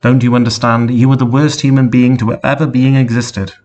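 A man voicing an erratic female winged unicorn goddess who is both mother and teacher, read mostly deadpan with sudden shouts. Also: mid-range voice, brisk, muffled recording, lightly acted. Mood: angry.

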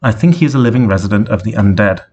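Calm pony heroine read by a man, slightly raised pitch, assured storybook lead. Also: racing, slightly rough, lo-fi sound. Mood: matter-of-fact. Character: female magical pony heroine, calm and sure.

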